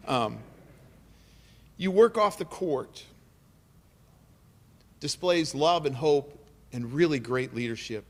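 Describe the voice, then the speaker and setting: A middle-aged man giving an emotional, earnest keynote speech at an awards dinner, repeating phrases for emphasis. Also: medium pitch. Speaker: keynote speaker. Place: large banquet hall. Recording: reverberant banquet hall.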